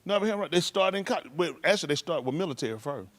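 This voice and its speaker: A man, talking casually and rambling from one story to the next. His voice sits a touch high for a man, and the recording is dry and close with no room sound. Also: expressive, quick pace, dry recording. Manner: loose rambling delivery with laughs and shouted impressions.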